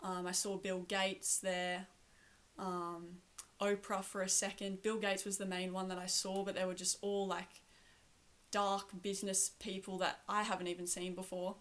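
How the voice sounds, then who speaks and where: A woman's voice: medium pitch, little pitch movement, measured pace, fairly bright tone. A woman earnestly recounting a spiritual vision, talking in long breathless runs full of fillers. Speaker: spiritual channel.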